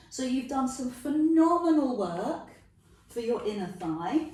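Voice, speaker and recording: A woman's voice: sits high, sing-song, measured pace, darkish tone. A woman with a British accent leading a Pilates workout, upbeat and playful, chatting and joking between cues. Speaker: Pilates instructor. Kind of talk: live-style workout instruction. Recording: very echoey, distant room sound.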